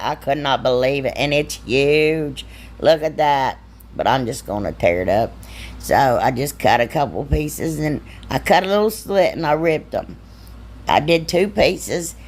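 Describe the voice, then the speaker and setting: A woman, narrating her own craft video in a chatty, giggly, self-deprecating way. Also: deep voice. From Ohio, US. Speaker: DIY crafter, channel host. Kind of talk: casual crafting voice-over.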